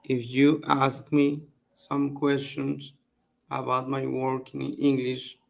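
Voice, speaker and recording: A man's voice: mid-range voice, completely flat delivery, slow pace, vocal fry. A man, learning English on a video call, hesitant and searching for his words. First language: Spanish. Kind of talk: online English lesson.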